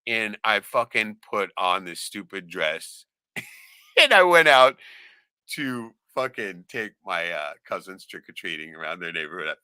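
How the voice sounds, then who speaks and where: A man telling a profane story in casual chat, animated, laughing often and acting out the voices of others. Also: sits low, unhurried, clear, resonant tone, dry recording, studio quality. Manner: animated, swears a lot, laughs often, acts out quoted voices.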